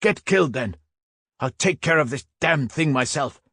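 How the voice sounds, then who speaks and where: A man reading an audiobook, voicing a fierce young machine gunner who shouts harsh threats. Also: on the high side, expressive, moderate pace, slightly rough, no room sound, studio quality, pitched above the performer's own voice, full character voice. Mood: furious. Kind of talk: audiobook narration.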